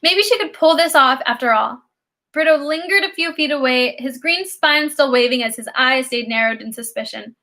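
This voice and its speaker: A woman reading a children's novel aloud as an audiobook narrator, in expressive, lively storytelling. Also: high-pitched, moderate pace.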